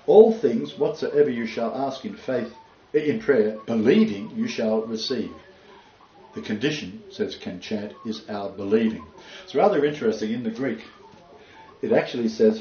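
A man preaching an informal sermon, rambling and halting with chuckling asides. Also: medium pitch, warm tone. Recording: roomy, dull church recording.

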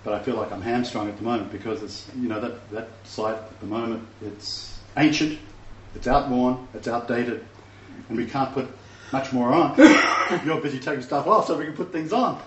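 Emphatic preacher, distant and echoey. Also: male voice, mid-range voice, normal speed. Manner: emphatic, checks in with rhetorical questions. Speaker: preacher of a messianic congregation. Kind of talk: teaching sermon. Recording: distant, roomy, dull recording with faint background noise.

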